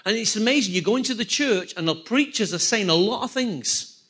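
High, bright-voiced male preacher. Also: brisk, slightly rough. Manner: animated preaching, repeats key phrases, asks the congregation questions. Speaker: pastor. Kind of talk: sermon.

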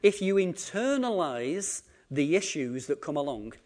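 A man preaching a sermon, acting out quotes and swinging between loud emphasis and quiet asides. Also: a little high, big pitch swings, a little slow. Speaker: pastor.

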